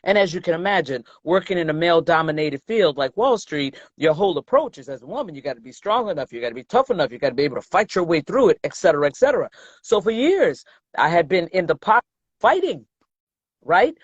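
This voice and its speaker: A woman's voice: on the low side, very animated, quick pace, slightly rough, no echo. Emphatic storytelling woman, dry dull sound. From American South. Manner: emphatic, acts out quoted dialogue. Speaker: guest, investment banker. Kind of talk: storytelling in an interview.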